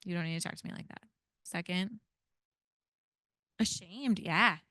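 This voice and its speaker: A woman's voice: lowish voice, a little slow, sharp tone, no room sound. A woman in her thirties leading an interactive parenting workshop in a casual, chatty way, often adding "like" and "right?". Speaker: parenting educator leading a training.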